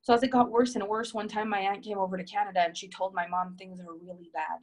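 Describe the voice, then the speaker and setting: A woman's voice: mid-range voice, fairly even intonation, fast, rough recording. Woman coach, live session reading viewer comments, emphatic, heartfelt, repetitive. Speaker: relationship coach.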